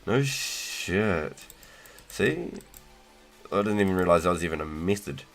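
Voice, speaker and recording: Deep-voiced laid-back male streamer. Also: a little fast, soft background music. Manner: relaxed, slangy, swears and laughs often. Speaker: livestream host. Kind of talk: casual livestream chat.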